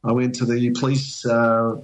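A man's voice: mid-range voice, flat delivery, measured pace, rough recording. Older Australian man telling rambling stories. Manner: rambling anecdotal storytelling with many restarts. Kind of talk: casual chat.

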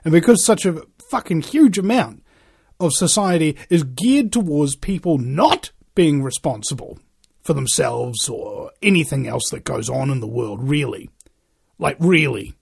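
A man rants through a rambling monologue, swearing freely and firing off rhetorical questions. His pitch swings widely, leaping up when he gets worked up and sinking low when he settles. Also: expressive, unhurried, vocal fry, a little mellow, breathy edge. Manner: profane, ranting, rhetorical questions.

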